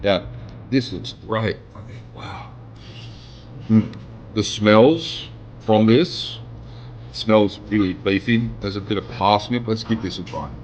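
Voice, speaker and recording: A food vlogger reviews dishes at a restaurant table indoors, talking casually in a lowish male voice and humming as he relaxes and savors each bite. He speaks slowly with frequent pauses, captured by a camera set on the table. The recording is muffled with slight hiss or hum, and faint music plays in the background.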